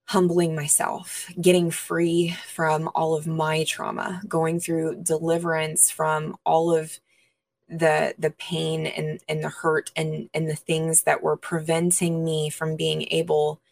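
A minister appears as an interview guest, earnestly sharing her personal testimony with pauses and frequent fillers. Her voice sits low and creaky, with no echo.

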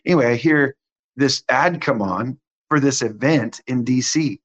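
A man's voice: mid-range voice, a little slow, muffled recording. Man telling a story with voiced quotes. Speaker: guest minister. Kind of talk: conversational testimony.

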